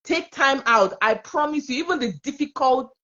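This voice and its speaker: A woman with a Nigerian English accent, talking in a casual panel conversation as an expressive, laughing storyteller. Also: high voice, moderate pace, lo-fi sound. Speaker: panel guest.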